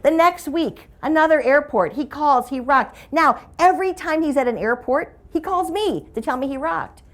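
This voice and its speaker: A middle-aged woman speaker telling a funny story to an audience. Her voice sits a little high, and her delivery is animated and playful. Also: moderate pace. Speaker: motivational speaker. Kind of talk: humorous keynote storytelling.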